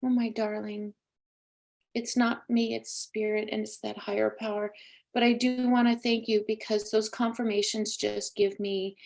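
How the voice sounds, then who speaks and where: A woman in her sixties hosting a live psychic talk show, chatty, emphatic and emotional. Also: a little high. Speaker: psychic medium host.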